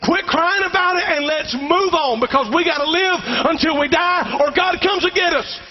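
A man's voice: very high-pitched, normal speed, slight background noise. A middle-aged man, preaching a sermon emphatically and calling out to the congregation for responses. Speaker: pastor. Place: church sanctuary. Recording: dull recording with long hall reverb.

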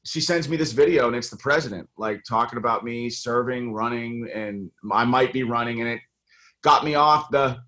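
Earnest American man with halting restarts. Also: mid-range voice, pushed and bright. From United States. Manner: earnest, many fillers and restarts. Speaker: congressional candidate and guest. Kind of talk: casual interview talk.

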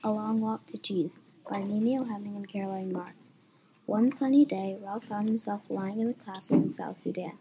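A young woman reading a story aloud in a plain, even storytelling way. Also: mid-range voice, moderate pace, a little hiss or hum, low-quality recording. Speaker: story reader.

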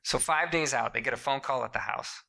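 A man tells a strange story in an easy, casual way, cursing freely. His voice is gravelly with a very bright, sharp edge. He keeps jumping into high, loud voices to act out the people in the story. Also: brisk, poor audio. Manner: profane, animated, acts out quotes in jumped-up voices. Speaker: podcast co-host telling a story.

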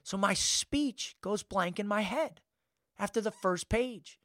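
Bright-voiced man telling a story. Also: sits high, slow, no echo, clean studio sound. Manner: animated, acts out his own inner voice and quotes. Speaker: podcast guest, motivational speaker. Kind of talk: casual storytelling.

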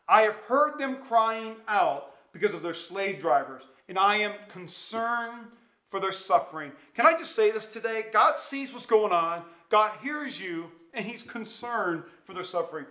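A man preaching as a pastor, earnest and emphatic, with dramatic pauses and repeated phrases. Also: sits high, pushed and bright, reverberant. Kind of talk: sermon. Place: church, streamed online.

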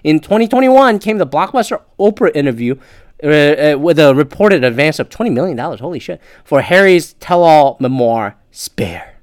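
Podcaster reading an article out loud and cursing at it, voice jumps all over, sarcastic. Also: medium pitch, expressive, moderate pace. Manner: profane, sarcastic asides between read passages. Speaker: podcast host. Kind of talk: casual podcast commentary, reading an article aloud.

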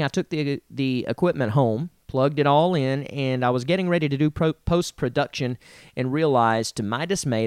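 A man hosting a casual comedy podcast, chatty and quick to laugh. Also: medium pitch, clear, resonant tone, no echo, studio quality. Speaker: podcast host.

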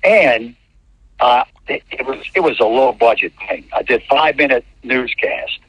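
A man's voice: medium pitch, lively intonation, normal speed, a bit bright, no echo. A man from New Orleans who works as a TV sportscaster tells a story in an interview, rambling and often restarting his words. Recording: dull lo-fi, dry.

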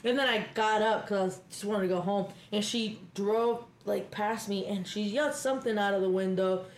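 A young woman from Kentucky co-hosting a casual podcast, telling heated stories full of swearing at a quick clip. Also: mid-range voice. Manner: fast, profane, heated storytelling. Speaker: podcast co-host. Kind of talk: casual chat.

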